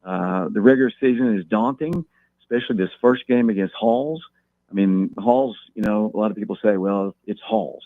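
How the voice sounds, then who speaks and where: A man calling in as a guest, talking football in a measured way and repeating words as he thinks. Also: on the low side, no echo. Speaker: guest talking local high school football. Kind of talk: phone-in interview. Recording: tinny phone line.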